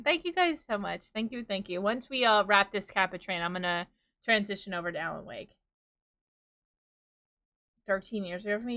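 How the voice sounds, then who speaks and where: A thirty-something woman from New York, USA, with a New York accent chats casually with her live-stream viewers. Her mid-range voice has a sharp tone, and she rambles off on tangents, laughing often.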